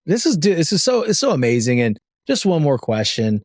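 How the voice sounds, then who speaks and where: A man's voice: fairly high pitch, sing-song, normal speed, no room sound, clean studio sound. A man hosting a podcast interview, enthusiastic and a little rambling, sharing stories about his son. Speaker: podcast host. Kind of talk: casual interview conversation.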